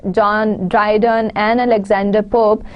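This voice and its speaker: A woman's voice: medium pitch, level tone, unhurried, lo-fi sound. A woman with a Pakistani English accent giving an online lecture, explaining step by step and restating her points. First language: Urdu.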